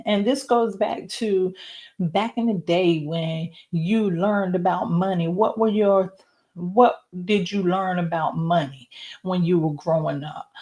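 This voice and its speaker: A woman giving an oracle card and numerology reading, talking slowly and reflectively straight to the viewer. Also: lowish voice, a little mellow. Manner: slow, reflective, speaks to viewer directly.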